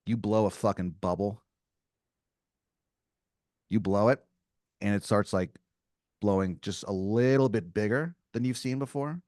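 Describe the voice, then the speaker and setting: A man's voice: fairly low pitch, unhurried, pauses often, darkish tone, no echo, clean studio sound. A man running an improvised tabletop-style story as game master, casual and profane, with lots of fillers.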